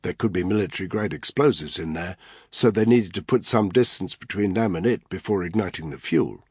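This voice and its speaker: A man narrating an audiobook thriller in steady, even storytelling. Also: sits low, fairly quick, slightly rough, dry recording, studio quality.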